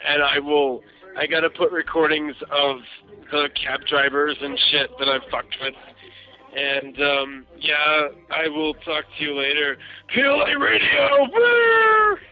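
A man's voice: a little high, little pitch movement, a little slow. A drunk man leaving a casual voicemail. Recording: dull lo-fi voicemail.

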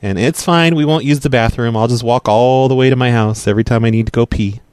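A man making a prank phone call, talking in a pushy, deadpan, matter-of-fact way. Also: medium pitch, quick pace, smooth, dry recording, clean studio sound. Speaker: prank caller.

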